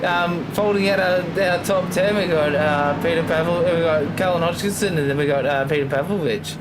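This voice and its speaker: An enthusiastic co-commentator runs down the standings, rambling with fillers. His voice sits a little high. Heavy noise covers the live stream audio. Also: moderate pace. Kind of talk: live sim racing commentary.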